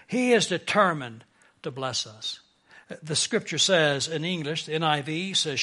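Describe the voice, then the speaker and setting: A middle-aged man preaching a sermon in an earnest way, building emphasis and swelling louder on key points. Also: a little high. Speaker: pastor.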